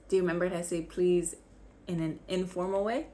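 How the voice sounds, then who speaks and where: A woman's voice: lowish voice, fairly even intonation, fairly quick, mellow. A young woman teaching basic vocabulary, patiently repeating each word so learners can follow along. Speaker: French teacher. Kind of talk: slow vocabulary lesson.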